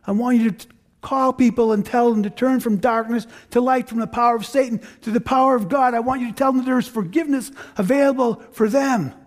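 A man preaching as Jesus speaking to Paul, slow and declaring, lifting his voice. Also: fairly even intonation. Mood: commanding. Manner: slow, declaring, raised pitch. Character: risen Jesus, man, commanding and tender.

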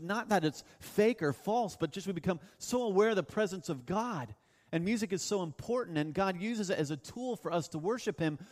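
High-voiced man preaching in a reverberant hall. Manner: earnest, emphatic preaching with slow drawn-out stresses. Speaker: pastor. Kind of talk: sermon. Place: church hall. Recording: long reverb of a church hall.

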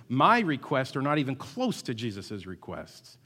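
A man's voice: medium pitch, huge pitch swings, moderate pace, few pauses, husky. A man preaching a sermon as pastor, emphatic and repetitive, at times rising to call-and-response with the congregation. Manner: emphatic, builds to loud call-and-response, repeats words. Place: church sanctuary. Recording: long hall reverb.

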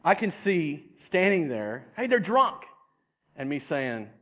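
A male preacher gives a lively sermon, repeating words as he goes and putting on voices for comic effect. His voice sits fairly high. The recording sounds thin and tinny, like it came through a phone line. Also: slow pace. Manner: animated, repeats words, acts out voices with humor. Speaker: pastor.

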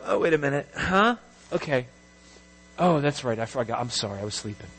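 A man's voice: medium pitch, sing-song, fairly quick, fairly bright tone, in a large hall, low-quality recording. A man voicing a drowsy, forgetful figure who has just woken up, mumbling and confused. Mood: groggy. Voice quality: drowsy, befuddled. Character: groggy, forgetful, just-woken sleeper, male.

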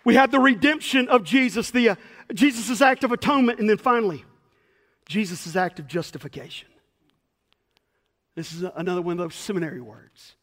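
High-voiced chatty pastor in an echoing church. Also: male voice, a bit bright. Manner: fast, chatty, self-deprecating with stammered restarts. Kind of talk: sermon.

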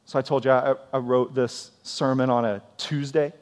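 A man's voice: mid-range voice, fairly even intonation, moderate pace. A man in his forties, a pastor giving a conversational sermon, earnest and practical, often restarting with repeated words. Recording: long hall reverb.

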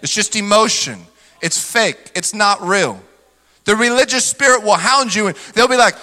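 A man's voice: sits high, animated, normal speed, pushed and bright. A male pastor preaching a sermon energetically, mimicking skeptics in mocking voices. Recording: long hall reverb.

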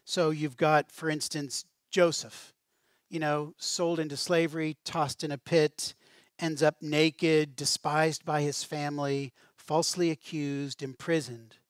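A man preaching a sermon in a conversational way. He speaks with animation and casual asides, in a fairly high voice. The sound is dry and close. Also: flat delivery, unhurried, no echo. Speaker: pastor.

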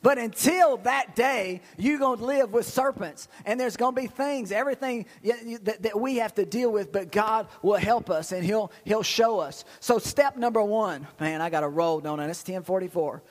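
A male pastor preaching a sermon in a folksy, animated way, cracking blunt jokes. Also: high-pitched, normal speed, hardly any pauses, long reverb tail.

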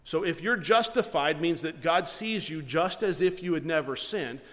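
A man preaching to his congregation, his fairly high voice carrying through a church hall with a long reverb. He teaches earnestly, posing rhetorical questions and circling back over his words. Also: moderate pace, fairly bright tone. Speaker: pastor. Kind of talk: sermon.

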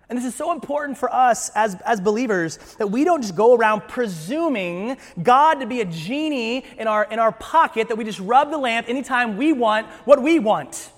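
A man preaching a sermon in church, animated and acting out scripture scenes with voices. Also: very high-pitched, moderate pace, few pauses, big-room sound. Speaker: pastor.

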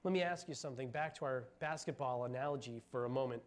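A pastor preaching a sermon, telling a Bible story with animated storytelling and acting out the quoted voices. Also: male voice, medium pitch, quick pace.

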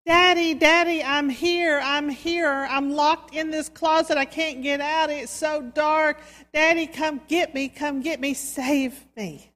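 A frightened little boy calls out in a high, loud, pleading voice, as a woman preacher puts him on in a sermon story. The sound carries a long hall reverb. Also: fairly even intonation, slow, hardly any pauses, exaggerated voice. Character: frightened little boy locked in a dark closet.

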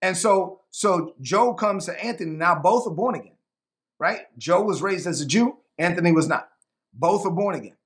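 A male preacher teaching a sermon to camera in an animated, conversational way, often repeating himself for emphasis. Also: high-pitched, moderate pace.

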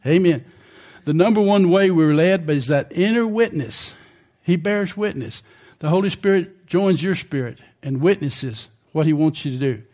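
A man's voice: a little high, lively intonation, moderate pace, few pauses, warm tone. An older man preaching a sermon in a conversational way, often asking the congregation questions.

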